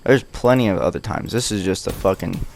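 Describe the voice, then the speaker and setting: A man's voice: low-pitched, a little fast, gravelly, darkish tone, a little hiss or hum. A young man vlogger telling a rambling, profane, self-mocking story in casual chat.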